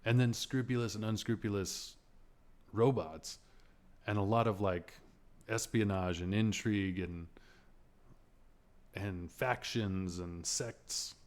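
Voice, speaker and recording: A man with a very deep, low voice holds forth as a podcast host. He rambles, swears freely and turns sarcastic, breaking into laughs as he vents. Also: takes it slowly, long pauses. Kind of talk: casual movie rant.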